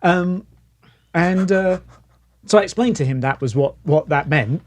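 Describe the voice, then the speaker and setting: A British man co-hosting a relaxed chat, telling stories with a jokey edge. His voice sits a little higher than most men's. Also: measured pace. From United Kingdom. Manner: chatty storyteller, jokey. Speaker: co-host. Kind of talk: casual chat.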